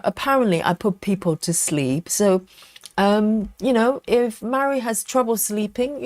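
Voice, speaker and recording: A woman's voice: lowish voice, darkish tone, no room sound. Chatty woman reading comments on a live stream. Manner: chatty, reads comments aloud and answers them.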